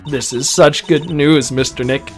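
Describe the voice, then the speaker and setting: A woman voicing a gentle, respectful young female assistant in a fan dub of a game. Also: low-pitched, unhurried, soft background music. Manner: gentle, respectful, calls him "Mister Nick".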